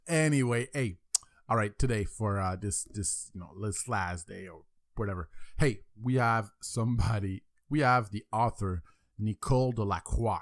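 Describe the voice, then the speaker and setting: A man's voice: fairly low pitch, dry recording, clean studio sound. A man with a French accent hosting a podcast, rambling through a casual intro with many repeats and fillers. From France. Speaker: podcast host.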